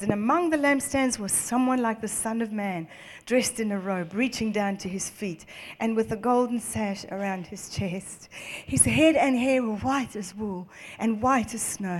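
A woman preaching a sermon, reading scripture aloud and commenting on it in an animated way, laughing often and repeating phrases for emphasis. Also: fairly high pitch, long reverb tail.

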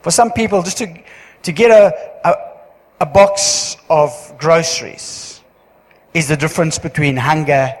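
A man giving church notices as pastor, chatty and joking, with halting restarts. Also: on the high side. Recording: long hall reverb.

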